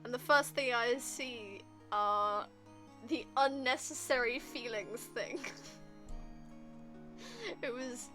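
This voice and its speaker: A woman's voice: fairly high pitch, slow, long pauses, music in the background. A British woman streaming a game, chatting with viewers in a playful, crude, joking way. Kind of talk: casual gameplay commentary.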